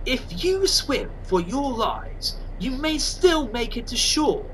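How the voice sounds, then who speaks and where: A gruff male villain soldier speaking slowly and deliberately, as a man puts him on. The voice is bright and fairly high, with no attempt to hide it. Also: very animated, slight background noise, heavily acted, rough recording. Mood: menacing.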